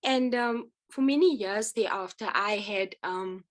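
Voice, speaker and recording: A woman giving an earnest, halting personal testimony at a church support meeting, speaking with feeling and frequent pauses. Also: mid-range voice, rough recording. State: emotional. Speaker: speaker sharing her testimony.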